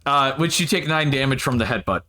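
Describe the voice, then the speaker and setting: Bright-voiced excitable male game master. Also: medium pitch, a little fast. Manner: laughs often, excitable. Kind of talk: narrating a tabletop game.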